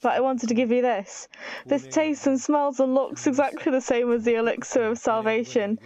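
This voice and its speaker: A woman's voice: fairly high pitch, steady tone, moderate pace, darkish tone, dull audio, lightly acted. A woman reading a timid, clingy young man from a game, pleading and apologetic. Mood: gentle.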